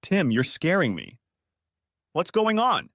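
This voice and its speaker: A man's voice: medium pitch, sing-song, measured pace, a bit bright, no room sound, clean studio sound. A man voicing a tearful young wife who pleads and insists after being caught cheating. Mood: scared.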